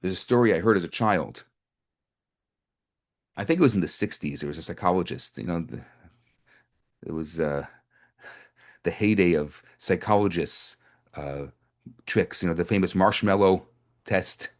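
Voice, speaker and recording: A man's voice: sits low, moderate pace, pauses often. A man giving a sermon as a rabbi, telling stories in a loose conversational way, often restarting and repeating himself. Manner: conversational, with frequent restarts and repetitions. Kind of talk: storytelling sermon to a live group.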